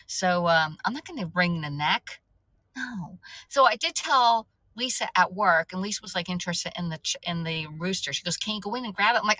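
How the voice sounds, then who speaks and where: A chatty woman talking casually on a livestream, her voice bright and forceful yet sitting a little low. She rambles and restarts often. The sound is close and dry, with no room around it. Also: fairly quick, no room sound, poor audio. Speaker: livestream host. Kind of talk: casual livestream chat, reading viewer comments.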